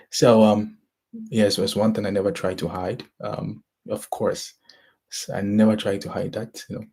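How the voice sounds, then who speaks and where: A young man from Ghana with a Ghanaian accent talks casually to his listeners. His voice is husky and fairly low, and he rambles and often starts his sentences over. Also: steady tone, a little mellow. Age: young adult. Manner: rambling, halting, with many restarts. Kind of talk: casual motivational talk.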